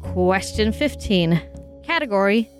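A woman's voice: mid-range voice, lively intonation, measured pace, soft background music. A woman co-hosting a trivia podcast, reading out questions and bantering in a giggly, self-deprecating way.

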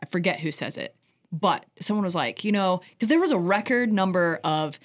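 A woman co-hosting a casual chat show, retelling stories with lively acted-out quotes. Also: lowish voice, normal speed. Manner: animated storyteller, acts out quotes. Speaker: podcast co-host.

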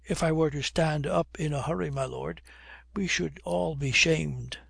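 A man's voice: fairly high pitch, unhurried, vocal fry, fairly bright tone, husky, no echo, clean studio sound, full character voice. A man doing an impudent young rogue. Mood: mocking. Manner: impudent, flippant, period oaths. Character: brash young man mocking everyone.

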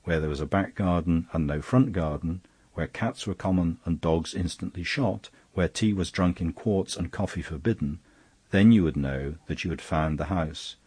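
A mild storybook priest, sober and earnest as he reasons things through, as a male reader puts him on. His voice is deep and slightly husky. It is recorded close and dry. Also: normal speed, a little mellow, no room sound. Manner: sober and reflective, puzzling things out.

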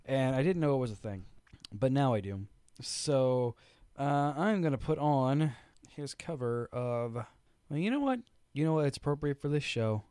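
A man's voice: medium pitch, lively intonation, normal speed, dark tone, smooth, no echo, clean studio sound. A man hosting a casual podcast, reviewing a TV show with laughter and exasperated, swearing rants. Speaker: podcast host.

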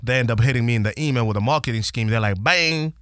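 A man hosting a podcast, animated and profane as he retells a story in casual slang. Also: medium pitch, very fast, no echo, clean studio sound.

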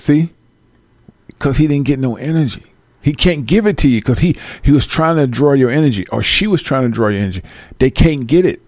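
A man giving casual, profane life advice to his viewers, acting out both sides of phone calls in slangy, animated bits. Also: fairly high pitch, brisk, no echo. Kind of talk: casual direct-to-camera rant.

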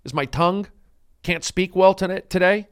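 A man's voice: high-pitched, moderate pace, smooth, no room sound, studio quality. A man hosting a comedic podcast monologue, telling stories in a rambling, mock-grandiose way.

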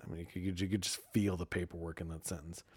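Guy rambling sarcastically on a podcast, lowish mellow voice, dry close sound. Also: little pitch movement, quick pace, husky, no room sound. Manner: rambling, sarcastic, mutters asides. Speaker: podcast host. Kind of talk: casual commentary and news reading.

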